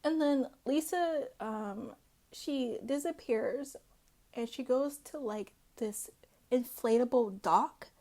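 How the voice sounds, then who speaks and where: A woman recapping a reality show in loose, casual chat, her speech full of "like" and "um". Her voice sits a little high and often drops into a gravelly vocal fry. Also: slow, dark tone. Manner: chatty, peppered with "like" and "um".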